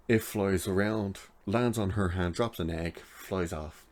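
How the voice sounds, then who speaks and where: A man's voice: low-pitched, a little slow. A man casually recapping a TV episode in a rambling way, with lots of filler "like"s. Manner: rambling retelling, many filler "like"s. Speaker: TV episode reviewer.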